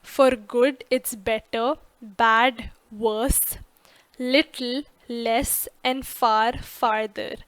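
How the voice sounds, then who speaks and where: A woman narrating an English grammar lesson, slow and careful, stressing each example word clearly. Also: a little high, steady tone, fairly bright tone, no echo.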